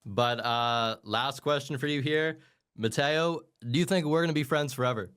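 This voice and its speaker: Man, interviewer, smooth clear voice, relaxed and playful delivery. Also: medium pitch, moderate pace. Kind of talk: casual interview.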